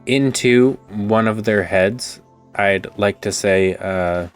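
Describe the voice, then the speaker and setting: A man with a fairly low voice plays a tabletop game and talks through his character's magic at length. His delivery is laid-back and conversational, with faint music in the background. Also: takes it slowly, clean tone. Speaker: player. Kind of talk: casual tabletop game play.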